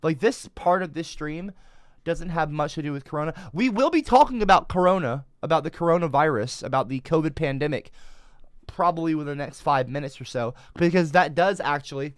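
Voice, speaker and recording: A man's voice: a little high, a little fast, clean tone, no echo, clean studio sound. A man livestreaming, rambling defensively and swearing often. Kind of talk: casual livestream rant.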